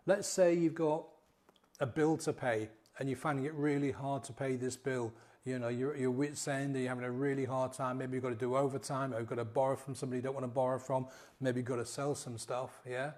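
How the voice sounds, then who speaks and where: A man's voice: mid-range voice, fairly even intonation. A middle-aged man, a coach, guiding listeners through a repeated mantra and then explaining it. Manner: slow, soft, repetitive guiding. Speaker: sobriety coach. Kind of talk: guided mantra meditation and talk.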